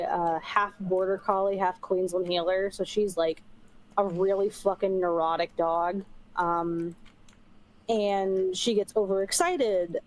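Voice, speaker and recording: Young woman streamer, casual rambling chat, offhand swearing, mid-pitched voice. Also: a little mellow, low-quality recording. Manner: rambling, chatty, swears casually, frequent fillers. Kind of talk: casual chat while gaming.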